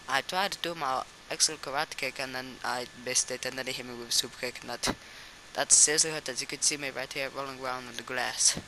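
A young man giving rambling, excitable comic voice-over narration about a backyard wrestling match, often stumbling and restarting. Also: medium pitch, a little hiss or hum, rough recording.

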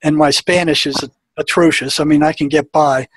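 A man's voice: on the high side, fairly even intonation, moderate pace, slightly rough, no room sound. A man, a former prison therapist, telling an anecdote in conversation and acting out the dialogue in a plain-spoken way.

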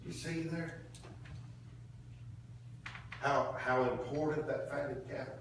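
A man's voice: medium pitch, fairly even intonation, slow, slight background noise. A man preaching a sermon in a folksy, colloquial way, drawing call-and-response from the congregation. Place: church sanctuary. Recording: echoey room from far off.

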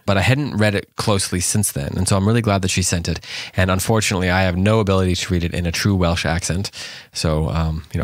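A man's voice: sits low, dry recording, studio quality. A man hosting a podcast, reading a poem aloud and talking it through in an earnest, thoughtful way. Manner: earnest, thoughtful, with frequent ums and restarts. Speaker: podcast host. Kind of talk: poetry reading and reflective commentary.

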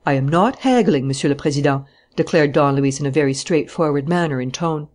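An audiobook narrator with a middle-pitched voice, reading a classic novel in a steady, measured way. Heated lines come out louder and a little higher, while the narration stays even. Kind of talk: scripted narration.

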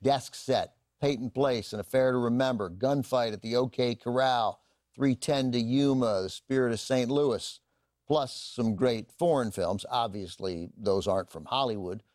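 A man introduces a classic film in a measured, informative way, reading down lists of titles. His voice sits in a middle register. The studio sound is dry and close. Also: medium pitch, a little mellow, no echo. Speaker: classic film channel host.

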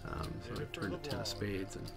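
A man giving voice-over commentary on his poker hands, halting and full of fillers. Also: lowish voice, steady tone, creaky, loud music behind the voice. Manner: halting, many fillers and restarts. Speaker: poker vlogger.

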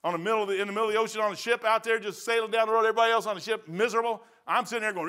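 A middle-aged man preaching a sermon in a church, telling folksy stories, saying "man" often and swinging from loud to quiet. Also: high voice, steady tone, racing, few pauses, clear, resonant tone. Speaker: pastor. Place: church sanctuary.

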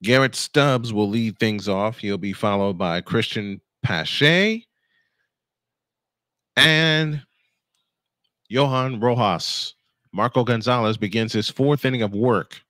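A man in his fifties doing live fan play-by-play of a baseball game, goofy and chatty between pitches, correcting himself as he goes. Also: takes it slowly, pauses often, fairly bright tone, dry recording, studio quality. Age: 50s. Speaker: play-by-play announcer.

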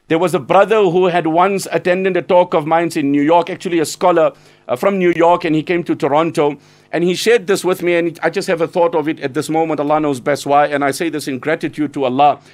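A man giving an earnest, urgent Islamic lecture, exhorting listeners and breaking into quick Arabic recitation. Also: fairly high pitch, steady tone. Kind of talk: sermon.

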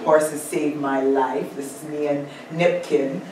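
A woman's voice: sits low, fairly even intonation, slow pace, darkish tone. A woman from Jamaica with a Jamaican accent, giving a reflective academic talk at a symposium and asking for the slides to be changed. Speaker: panel speaker. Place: lecture room at a symposium. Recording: echoey room, far from mic, faint noise.

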